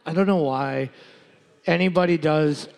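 A man with a gravelly, creaky voice, pitched a bit high, sitting beside the host at a pub trivia night. He mostly drops short dry one-liners and quick agreements into the mic. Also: a little mellow. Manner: dry one-line quips, short replies. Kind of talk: banter at a live trivia night. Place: brewery room with live crowd.

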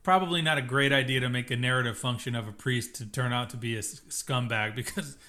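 A man's voice: mid-range voice, steady tone, quick pace, bright, forceful tone. A man with a mid-range voice trades views on a drama series with his podcast co-host. He talks in an easy, opinionated way and often stops and restarts his sentences as he works out what he means. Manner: opinionated, thinks aloud with restarts. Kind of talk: casual TV recap chat.

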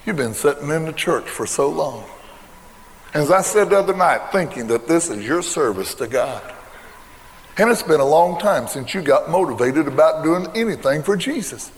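A man's voice: a little high, expressive, normal speed, slight background noise. An older man preaching a sermon, telling a folksy story from his own past with emphatic repeated refrains. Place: church. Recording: long reverb in a church hall.

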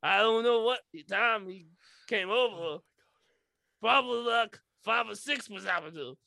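A man's voice: high voice, a little slow, vocal fry, bright, forceful tone, no echo. A man reading a transcript aloud for comic effect, often laughing, on a close podcast mic. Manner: giggly, breaks into laughter. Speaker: comedy podcast co-host.

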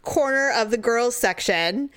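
A young woman chatting casually as a podcast co-host, telling stories with lively acted-out quotes. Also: unhurried, clear, resonant tone. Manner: animated storyteller, acts out quotes in high squeals. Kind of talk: casual chat.

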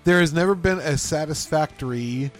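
A man's voice: fairly high pitch, normal speed, faint music behind. A man co-hosting a casual podcast, joking around and laughing often as he tells stories. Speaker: podcast co-host.

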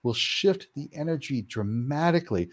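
A man being interviewed, answering in an expressive voice with a wide, lively pitch range. He acts out the reactions he describes in quick voiced asides. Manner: animated, acts out quoted reactions with big pitch jumps. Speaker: paranormal house-clearing practitioner, guest.

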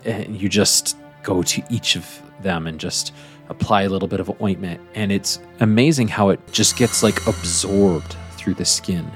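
A man as game master, gently describing the scene in a tabletop game. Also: low-pitched, unhurried, faint music behind.

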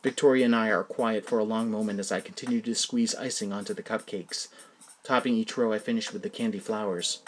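A man, the podcast host, reading his own first-person story in a plain, even manner. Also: lowish voice, brisk. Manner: plain, even storytelling, casual asides in the outro.

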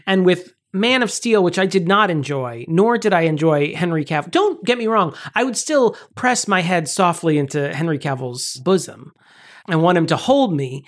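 A man's voice: a little high, animated, normal speed. Male co-host, jokey and opinionated, chatty delivery. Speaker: podcast co-host. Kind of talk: casual movie chat.

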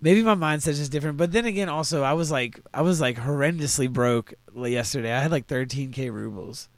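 A man's voice: medium pitch, a little fast, no room sound. A man co-hosting a casual gaming podcast, telling stories with animation and swearing freely. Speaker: podcast co-host.

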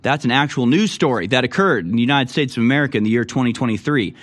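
A man's voice: medium pitch, animated, quick pace, fairly bright tone. A man hosting a political commentary show, reading news stories aloud and reacting with indignant, mocking remarks. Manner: indignant, mocking, puts on voices for people he quotes. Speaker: political talk show host.

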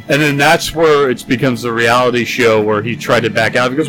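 A young man co-hosting a podcast, casually telling a long story and acting out the quotes in higher voices. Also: steady tone, a little fast, few pauses, a bit bright, soft background music, low-quality recording. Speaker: podcast co-host. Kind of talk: casual chat.

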